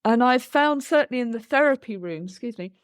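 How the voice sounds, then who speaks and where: A woman's voice: on the high side, animated, a little fast, clean tone, no room sound, clean studio sound. A woman, a play therapist co-hosting a podcast, explaining her approach in an earnest, thoughtful conversation. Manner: earnest, explains with acted examples of what she says to children.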